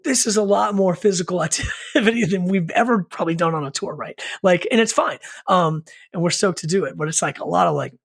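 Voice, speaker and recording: A man's voice: high-pitched, brisk, gravelly, husky. A middle-aged man, a punk band singer who is a podcast guest, telling a long rambling story in casual chat, with many fillers and asides. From Richmond, Virginia, US.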